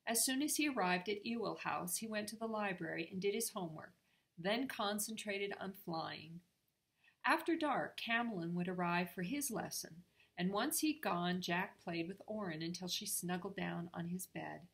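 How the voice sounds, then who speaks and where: An older woman, a grandmother, reading a storybook aloud to her grandchildren in a steady, clear way. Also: fairly low pitch, moderate pace.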